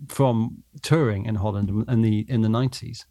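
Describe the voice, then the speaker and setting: A man's voice: lowish voice, steady tone, normal speed, gravelly, warm tone, dry recording, clean studio sound. A man in casual, playful chat, who swears freely and acts out the people he quotes.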